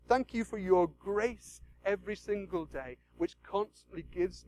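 A man preaching a sermon, swinging from loud urging to hushed pleading, repeating phrases and acting out prayers. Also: sits high, unhurried, hardly any pauses, slight background noise, poor audio.

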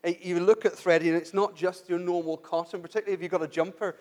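A man with a high voice preaching a sermon. He talks conversationally, restarting sentences and asking rhetorical questions, and drops to a soft, quiet voice for emphasis. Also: fairly even intonation, quick pace.

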